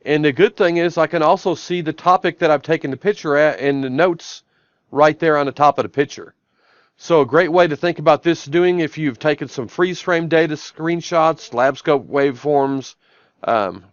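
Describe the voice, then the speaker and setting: A man's voice: fairly high pitch, normal speed, no room sound, highs cut off. Man walking through a demo, step by step. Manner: step-by-step, repeats "I'm gonna" before each action. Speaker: software trainer. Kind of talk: live-stream product demo. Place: office.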